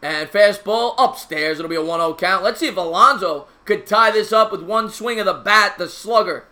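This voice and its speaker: A man calling a baseball game play by play on his live stream, chatting with viewers in a casual, slangy, excitable way. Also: high voice, normal speed.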